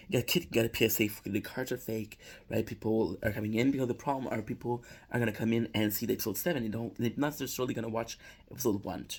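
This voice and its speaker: Rambling man recapping a video, husky. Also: mid-range voice. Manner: rambling, repeats "right?", frequent restarts and laughs. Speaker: commentator recapping a prank call video. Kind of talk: casual reaction commentary.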